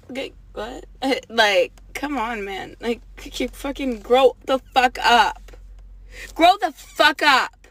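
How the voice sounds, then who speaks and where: A woman's voice: high voice, a bit bright, no room sound. A woman livestreaming an angry rant, swearing a lot and rambling as she confronts someone.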